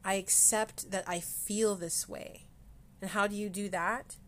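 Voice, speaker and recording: A woman hosting a personal podcast, talking candidly and with self-deprecating humor, often halting with fillers and restarts, close to tears at times. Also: medium pitch, fairly even intonation, fairly bright tone. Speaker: podcast host. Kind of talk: personal mental health podcast.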